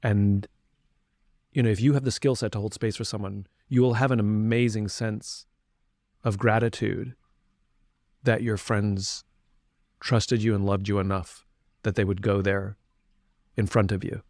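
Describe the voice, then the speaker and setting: Low earnest guy opening up on a podcast, dry close sound, lots of restarts. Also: steady tone, unhurried, pauses often, a little mellow, dry recording. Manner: earnest, reflective, with frequent restarts. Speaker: podcast guest. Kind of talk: candid conversation.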